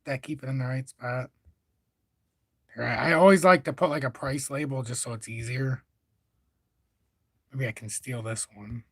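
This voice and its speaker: A man's voice: mid-range voice, moderate pace, pauses often, husky, no echo. A man hosting a casual crypto livestream, talking through charts in a rambling, profane, self-correcting way.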